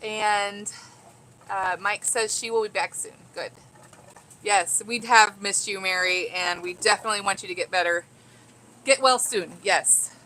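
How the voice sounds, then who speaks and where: A woman's voice: medium pitch, measured pace, pushed and bright, slight background noise, rough recording. A woman chatting casually on a home livestream, reading viewer comments aloud, giddy and laughing often. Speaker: vlogger reading live chat.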